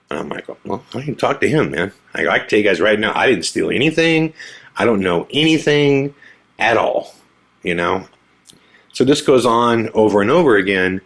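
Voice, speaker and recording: A male podcast host telling a personal story in a casual, animated way, acting out the dialogue of the people in it. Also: fairly low pitch, normal speed. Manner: animated, acts out quoted dialogue.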